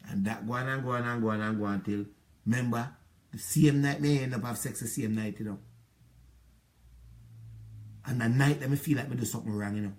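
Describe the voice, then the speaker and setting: A middle-aged Jamaican man with a mid-range, slightly mellow voice talks fairly quickly and pauses often. He rambles through an aggrieved monologue about a past relationship, his storytelling inflected with patois.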